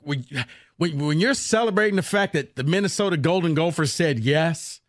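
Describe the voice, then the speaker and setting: A man's voice: on the high side, normal speed, no room sound, studio quality. A man co-hosting a sports podcast, chatting casually and poking fun at himself.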